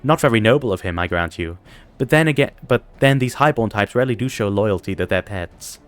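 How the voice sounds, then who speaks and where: A man voicing a sardonic interrogator who taunts a prisoner in a slow, drawling way. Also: on the low side, lively intonation, clear, resonant tone, natural voice. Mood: mocking. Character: sardonic male interrogator, dry and mocking.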